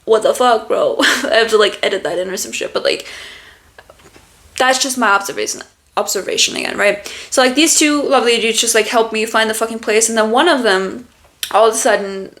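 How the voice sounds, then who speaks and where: A woman's voice: on the high side, fairly quick, fairly bright tone. A young woman from Germany whose first language is German, rambling through a casual story as a podcast host, with constant fillers and swearing.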